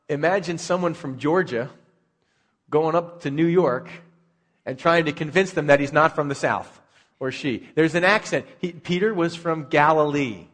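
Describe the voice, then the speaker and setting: A man's voice: a little high, a bit bright, in a large hall. A male pastor preaching a sermon in a conversational way, asking rhetorical questions.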